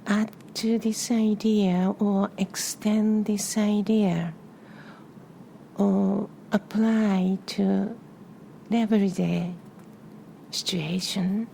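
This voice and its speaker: A woman leading a guided meditation in a soft voice that often drops to a breathy whisper, repeating short phrases and calm cues with long pauses in between. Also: medium pitch, slight background noise. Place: live session in front of a small audience.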